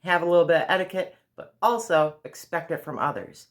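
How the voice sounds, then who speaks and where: A woman's voice: lowish voice, lively intonation, a little fast. A woman vlogger giving earnest, direct advice in a casual monologue.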